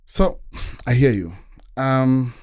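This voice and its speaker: A man's voice: medium pitch, slow pace, darkish tone, no room sound. A man hosting a podcast studio conversation, earnest and reflective, with stammered restarts and bursts of playful teasing. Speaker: podcast host. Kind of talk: casual conversation.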